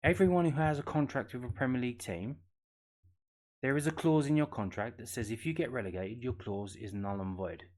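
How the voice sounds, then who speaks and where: A man's voice: mid-range voice, brisk, a little mellow. A man hosting a football news channel, ranting casually and bluntly with lots of swearing, fillers and restarts.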